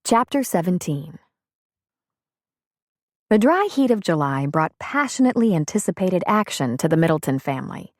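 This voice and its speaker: Woman, audiobook narration, lowish voice, dry close sound. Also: very animated, normal speed, long pauses, no echo. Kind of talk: scripted narration.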